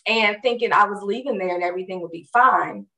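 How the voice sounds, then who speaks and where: A woman's voice: medium pitch, a little fast. Woman telling a story, distant and roomy. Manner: animated, acts out others' words in quotes; conversational with frequent fillers. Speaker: storyteller recounting a personal experience. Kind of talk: casual spoken personal story.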